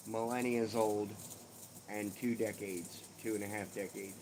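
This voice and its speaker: A man's voice: on the low side, flat delivery, unhurried, background noise. Profane, joking middle-aged man. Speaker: live-stream host. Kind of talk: casual chat with viewers. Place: outdoors on a home porch.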